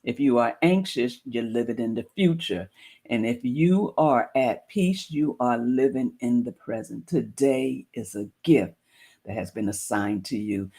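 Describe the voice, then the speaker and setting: A woman's voice: extremely low pitch, measured pace, mellow, husky. A woman hosting a streamed talk show, reflective and encouraging, with loose, easy phrasing. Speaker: show host.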